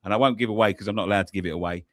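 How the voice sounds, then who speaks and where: Chatty guy with a low voice plugging his channel, dry close audio. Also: very fast, a bit bright, no echo. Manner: chatty, swears, self-promoting. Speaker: co-host and channel owner. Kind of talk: casual chat.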